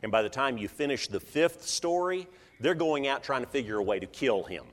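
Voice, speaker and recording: A man preaching a sermon, telling the story with lively, animated delivery and acting out what people think and say. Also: mid-range voice, fairly quick, in a large hall.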